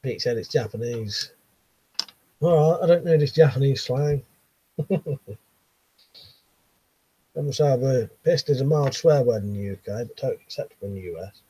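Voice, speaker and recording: A man's voice: mid-range voice, moderate pace, pauses often, dark tone, breathy edge, dry recording, highs cut off. An English man in his late thirties hosting a casual live chat from his bedroom, reading viewers' messages with easy, chuckling banter. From England. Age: 30s. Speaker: livestream host reading chat.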